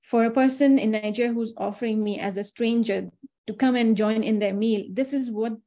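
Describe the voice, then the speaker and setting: A woman's voice: on the high side, steady tone, brisk, dark tone. A woman from India giving a personal webinar talk, chatty and storytelling, acting out the people she quotes. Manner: chatty storyteller who acts out quoted dialogue. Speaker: webinar speaker.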